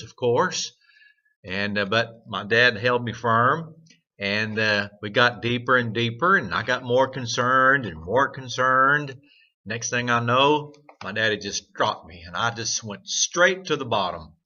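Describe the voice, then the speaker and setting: Earnest man, bright lo-fi voice. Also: mid-range voice. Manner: earnest storytelling with frequent fillers. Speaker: host of a morning devotional. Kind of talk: devotional talk with a story. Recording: dull lo-fi sound.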